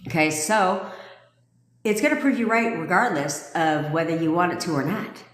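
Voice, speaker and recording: A woman's voice: lowish voice, moderate pace. Sassy, profane woman coach in echoey room. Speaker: manifestation coach. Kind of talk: live-stream coaching talk. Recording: echoey room with long reverb.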